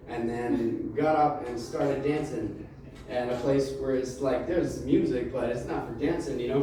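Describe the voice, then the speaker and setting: A man's voice: mid-range voice, mellow. Rambling stand-up comedian man, roomy sound. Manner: rambling storyteller, loose and halting, lots of "like". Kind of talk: stand-up set. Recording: roomy, distant mic with faint room noise.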